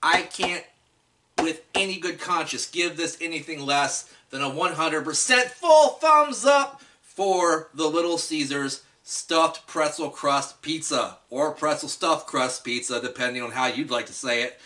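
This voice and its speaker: A man's voice: on the high side, measured pace, pushed and bright, distant mic. A man chatting enthusiastically through a casual food review, talking straight to his viewers.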